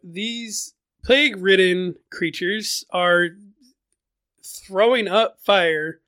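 Chatty man with a smooth high voice. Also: very slow, bright, forceful tone, no echo. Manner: chatty, repeats words, many "you know" fillers. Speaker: podcast host recapping a fantasy book. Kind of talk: casual book recap.

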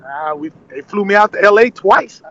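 A man's voice: sits high, lively intonation, moderate pace, fairly bright tone, dry recording, dull audio. A man from Nashville, a podcast guest telling his story animatedly in casual conversation, acting out the dialogue he quotes. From Nashville, USA. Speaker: podcast guest, former cooking show contestant.

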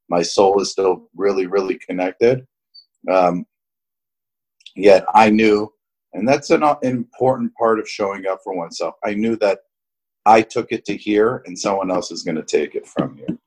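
Male guest with a low, slightly raspy voice, sincere and thoughtful. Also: darkish tone, low-quality recording. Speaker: guest, company chairman. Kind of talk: podcast interview.

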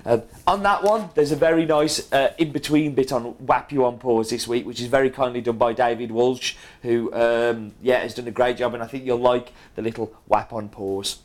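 A man's voice: mid-range voice, steady tone, moderate pace, few pauses. A middle-aged man with a strong British accent, chatting casually as he reads out viewer comments, with plenty of ums and uhs. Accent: British English. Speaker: coffee roaster reading viewer comments. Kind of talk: casual chat.

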